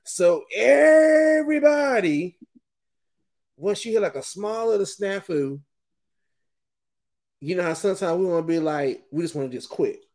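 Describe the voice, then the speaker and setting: A middle-aged man hosting a podcast and talking through a rambling, animated, casual monologue, often laughing. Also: fairly high pitch, normal speed, pauses often. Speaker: podcast host.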